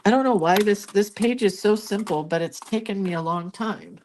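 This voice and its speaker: An older woman chatting casually as she colors, rambling into stories with soft, murmured asides at her art desk. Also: medium pitch, moderate pace, a little hiss or hum. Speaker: art vlogger. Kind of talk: casual chat while coloring.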